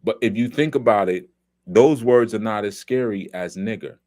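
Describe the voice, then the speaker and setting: A man's voice: lowish voice, moderate pace, a little mellow. A middle-aged man from New York, hosting a loose, conversational film commentary talk with many asides. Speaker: host.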